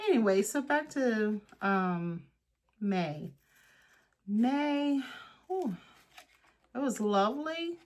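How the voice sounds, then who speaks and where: A woman with a voice on the low side talks through a craft project in a casual tutorial, thinking out loud and to herself; she makes craft and journaling content. She goes slowly and unhurriedly, pausing often, with slight background noise.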